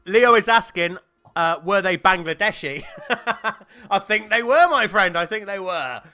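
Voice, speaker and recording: A man's voice: high-pitched, animated, normal speed, pushed and bright. A man with a Northern Irish accent co-hosting a podcast, swearing and laughing through casual banter. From Northern Ireland. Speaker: podcast co-host.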